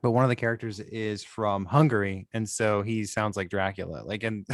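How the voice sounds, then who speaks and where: A man's voice: on the low side, fairly even intonation, moderate pace, no room sound, clean studio sound. A man co-hosting a podcast, chatting in a laid-back way and then reading his own novel aloud. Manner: laid-back, swears, laughs often. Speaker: podcast co-host and author.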